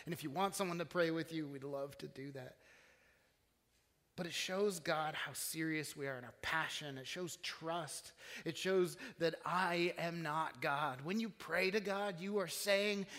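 A man's voice: a little high, fairly bright tone, in a large hall. A man preaching a sermon as pastor, in an earnest, conversational way with frequent restarts, in a church. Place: church sanctuary.

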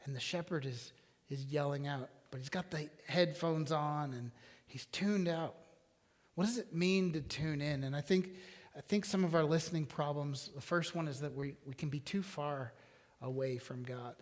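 Male pastor, thirties, chatty sermon to the room, slightly high voice, hall echo. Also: normal speed. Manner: conversational, asks the congregation questions. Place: church hall. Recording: long hall reverb.

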